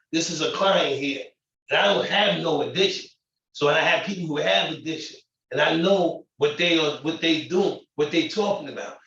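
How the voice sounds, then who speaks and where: A man's voice: high-pitched, fairly bright tone. Upset man pleading from a distant echoey room. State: close to tears. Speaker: shelter resident speaking at public comment. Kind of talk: impassioned public comment. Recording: muffled echoey room audio from far off.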